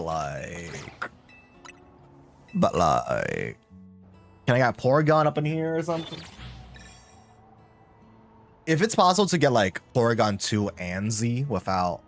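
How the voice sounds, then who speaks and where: A man's voice: medium pitch, fairly bright tone. A man live-streaming a video game, chatting casually and rambling to his viewers. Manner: chatty, rambling, talks to chat. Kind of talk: casual gameplay commentary.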